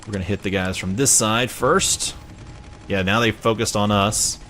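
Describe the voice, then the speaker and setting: A man's voice: fairly low pitch, fairly even intonation, moderate pace, bright, forceful tone, a little hiss or hum. A man with a Southern US accent giving casual, rambling gameplay commentary, chatty and self-mocking. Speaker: let's play gamer.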